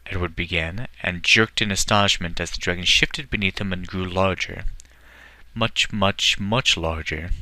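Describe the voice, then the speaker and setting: A man's voice: low-pitched, bright, forceful tone, no room sound. A man reading a fantasy novel aloud as scripted narration, with small shifts for the characters. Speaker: book reader.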